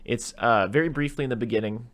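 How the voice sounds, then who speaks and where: A man's voice: mid-range voice, fast talker. A man hosting a casual movie podcast, rambling through stories and acting out quotes as he goes. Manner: rambling, animated retelling with put-on quotes. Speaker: podcast host.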